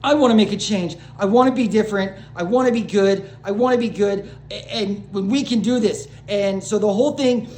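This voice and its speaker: A woman's voice: medium pitch, fairly quick, hardly any pauses, mellow, slight background noise. A woman vlogger ranting to camera in a rambling, agitated way, restarting sentences, swearing and apologizing to her viewers. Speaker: small-channel vlogger. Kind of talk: unscripted rant to camera. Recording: roomy echo.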